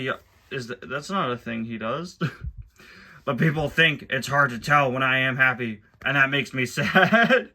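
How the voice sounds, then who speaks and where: Bright-voiced chatty man reading aloud. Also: mid-range voice, expressive, a little slow. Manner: chatty and wry, with frequent laughs and asides. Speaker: host reviewing a children's book. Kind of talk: casual commentary, reading aloud.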